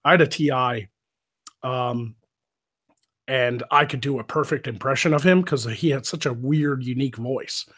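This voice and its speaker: A man's voice: medium pitch, normal speed, a bit bright, slightly rough. A man hosting a live stream, telling stories in a casual, rambling way with lots of swearing. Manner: profane, rambling, laughs often. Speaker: stream host. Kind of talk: casual storytelling chat.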